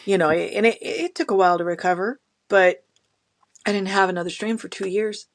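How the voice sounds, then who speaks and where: A middle-aged woman, a podcast guest, talking in a casual conversational interview with animated storytelling. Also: mid-range voice, a little fast, dry recording, studio quality. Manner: animated storytelling, acting out quoted people.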